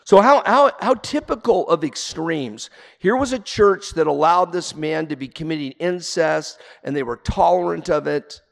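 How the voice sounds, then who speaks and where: A man preaching a sermon as pastor, earnest and emphatic, rising to forceful peaks. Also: on the high side, lively intonation, normal speed, creaky, few pauses, in a large hall.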